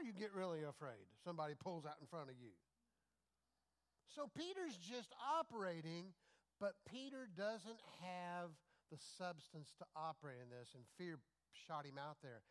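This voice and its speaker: Middle-aged male pastor, slightly raised voice, animated conversational sermon delivery. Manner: lively, conversational preaching with rhetorical questions to the congregation; swings from loud emphatic bursts to low, quiet asides.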